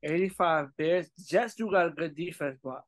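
A man's voice: a little high, moderate pace, over a noisy crowd. A man co-hosting a podcast in casual sports banter, chiming in with laid-back remarks. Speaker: podcast co-host.

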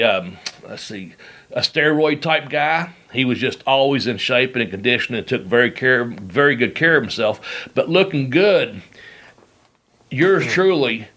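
Man, middle-aged, podcast host, easygoing, rambling anecdotes, average pitch. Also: sharp tone. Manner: laid-back, rambling, laughs while telling stories. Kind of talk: casual storytelling.

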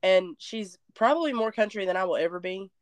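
A woman with a lilt chats with her co-host, spinning a long, self-mocking story. She drawls and gets animated as she goes. Her voice sits in a middle range and sounds close and dry. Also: mid-range voice, a little fast, dry recording. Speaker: podcast co-host. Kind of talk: casual chat.

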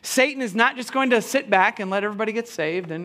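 Male pastor, high-pitched, punchy animated sermon delivery with rhetorical questions. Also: fast talker, few pauses. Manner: animated preaching with rhetorical questions and mock quotes.

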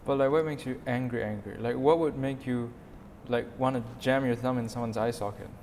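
A man's voice: medium pitch, steady tone, brisk, darkish tone, in a large hall, slight background noise. A man hosting a podcast, asking teasing, blunt questions in casual conversation. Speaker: podcast host.

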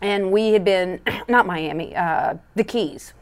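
A woman co-hosting a casual faith podcast into a studio mic, acting out scenes with many restarts. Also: medium pitch. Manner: animated, acts out scenes, quick restarts. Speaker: podcast co-host. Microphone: studio microphone.

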